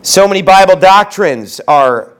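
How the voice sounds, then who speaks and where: High-voiced fiery male preacher. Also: expressive, clean tone. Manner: forceful preaching, swings from low asides to shouted outbursts; slows down to stress scripture quotes. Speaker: pastor. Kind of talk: fiery sermon.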